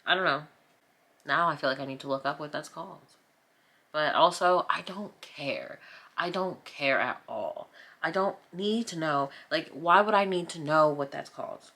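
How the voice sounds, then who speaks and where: Low-voiced woman rambling while she paints. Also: lively intonation, moderate pace, bright, forceful tone. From New Jersey. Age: 30s. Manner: rambling, self-mocking, playfully dramatic. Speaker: vlogger. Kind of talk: casual chat while painting. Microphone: camera mic.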